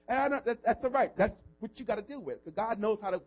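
Speaking quickly with hardly any pauses, a pastor preaches in a high, breathy voice, shifting between loud emphasis and near-whispers. His style is informal, with repeated words and questions put to the congregation; the audio is dull.

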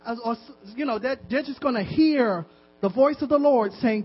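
A man's voice: extremely high pitch, moderate pace, slightly rough. A man preaching a sermon as a pastor, exhorting his listeners with insistent repetition. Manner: impassioned, repetitive exhortation with laughs. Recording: dull lo-fi recording with mains hum.

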